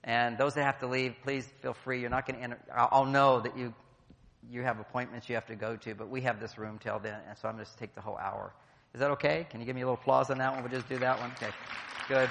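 A man's voice: medium pitch, gravelly, a bit bright. A middle-aged man giving a playful, jokey talk to a live audience, acting out quotes as he goes. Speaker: speaker at a conference. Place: large hall. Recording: long hall reverb.

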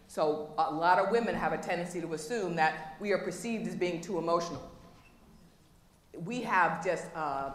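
Woman speaking in an echoey conference hall. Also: lowish voice. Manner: engaging, quizzes the audience with questions. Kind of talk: motivational talk to a live audience. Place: conference room. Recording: echoey hall with long reverb, faint noise.

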